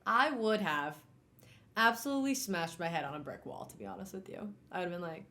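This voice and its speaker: A young adult woman streamer reading a novel aloud and chatting about it in a casual, animated way, swearing casually and laughing often. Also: fairly low pitch, fairly quick. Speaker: streamer hosting a book club.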